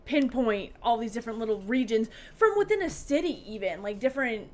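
A woman's voice: on the high side, animated, brisk. A woman in casual podcast chat, telling a story with many fillers and asides.

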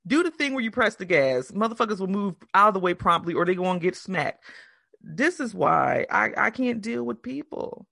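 A woman co-hosting a podcast, chatting casually and telling stories in an animated, profane way, acting out the quotes. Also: medium pitch, normal speed, creaky, no room sound, studio quality. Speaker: podcast co-host. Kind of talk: casual chat.

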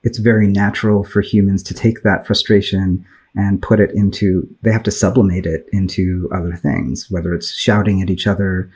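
An American man who is a guest on a podcast, speaking in a measured, reflective way with lots of ums. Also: low-pitched, little pitch movement, a little mellow, breathy edge, low-quality recording. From United States. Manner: measured, reflective, with many fillers. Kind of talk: casual conversational discussion.

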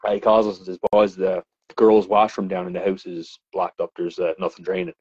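Newfoundland plumber telling rowdy stories. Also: male voice, sits low, fairly quick, slightly rough, no room sound. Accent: Newfoundland English. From Newfoundland, Canada. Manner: animated, laughing storyteller with frequent fillers and swearing. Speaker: plumber and podcast guest. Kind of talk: casual storytelling chat. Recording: slightly dull, dry podcast audio.

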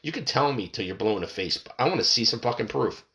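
A man's voice: medium pitch, expressive, quick pace, bright, forceful tone. A man hosting a podcast, reading news aloud and breaking into angry, profane rants, stumbling and repeating words when worked up. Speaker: podcast host. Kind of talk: reading and ranting about news articles.

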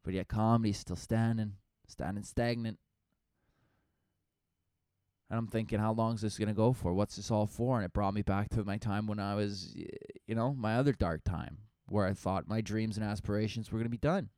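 A man's voice: fairly low pitch, brisk, hardly any pauses, a little mellow, no room sound, clean studio sound. A young man, a comedian, rambling through a profane, casual podcast monologue full of fillers.

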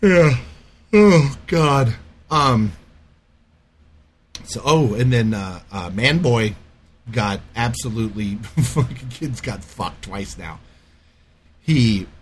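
A middle-aged man in casual podcast chat, telling a profane, animated rant. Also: medium pitch, slow, pauses often, a little hiss or hum. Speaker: podcast co-host.

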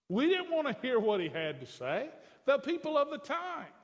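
A man's voice: extremely high pitch, sing-song, normal speed, few pauses. A man preaching a sermon as pastor, mixing folksy conversational asides with emphatic declarations, in a church sanctuary. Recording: long hall reverb.

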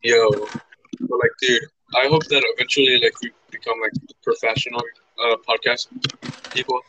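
A man's voice: medium pitch, little pitch movement, moderate pace, sharp tone, slight background noise, poor audio. A young man co-hosting a podcast in casual chat, joking and swearing as he rambles with lots of fillers. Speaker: podcast co-host.

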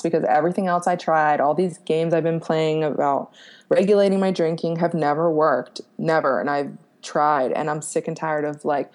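This podcast guest, a young woman from Pennsylvania, USA, has a deep voice with a steady tone and normal speed. She recounts something personal candidly, laughing at herself, swearing casually and using lots of fillers.

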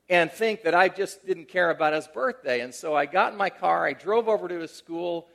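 Middle-aged pastor, conversational sermon storyteller. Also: male voice, high-pitched, fairly quick, vocal fry, hardly any pauses. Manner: conversational, moving between animated emphasis and hushed, tender delivery.

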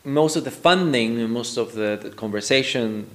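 A man's voice: mid-range voice, normal speed. A man as a guest on a podcast, explaining his views thoughtfully and often checking in with a "right?". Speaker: guest expert. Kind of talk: podcast conversation.

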